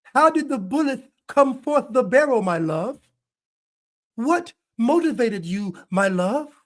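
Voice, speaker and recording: A man's voice: extremely high pitch, sing-song, slow pace, voice pushed up, full character voice. A man putting on a swooning mock lover. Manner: mocking, old-fashioned wording. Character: mock lovesick partner, overly flowery and calm.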